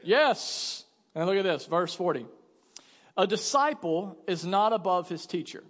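A young adult man preaching a sermon in a church, telling a jokey story and acting out the dialogue in an animated way. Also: high-pitched, a little slow. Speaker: pastor. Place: church hall. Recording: long church reverb.

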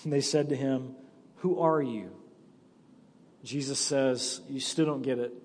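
A man preaching a sermon as pastor, reading scripture slowly and dropping his voice low, then pressing his points hard to the congregation. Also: level tone, darkish tone, in a large hall. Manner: emphatic preaching, slows and drops low for scripture. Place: church sanctuary.

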